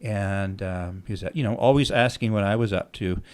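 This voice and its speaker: This middle-aged podcaster speaks smoothly at a moderate pace in a voice on the low side. His casual storytelling is animated, with quoted dialogue acted out and plenty of free swearing.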